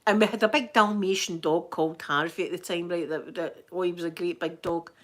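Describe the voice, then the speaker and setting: A middle-aged Scottish woman chatting to her viewers, telling stories and acting out her own panicked screaming in sudden high bursts. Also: fairly even intonation, brisk. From Scotland. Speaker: live-stream host. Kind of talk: casual storytelling chat to viewers.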